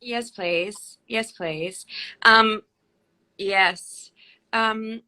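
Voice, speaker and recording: Bright, chatty actress on a live stream. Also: female voice, mid-range voice, drawn-out words. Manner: chatty, enthusiastic, laughs often. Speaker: actress and live-chat co-host. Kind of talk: casual live-stream chat. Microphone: phone on a live video stream.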